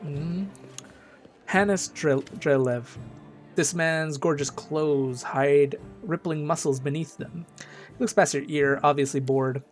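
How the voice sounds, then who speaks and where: A man with a slightly high voice reads the narration of a video game aloud and adds his own remarks. He is halting and trips over unfamiliar names. Soft game music runs behind him. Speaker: let's play gamer. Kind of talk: reading game text aloud and commenting.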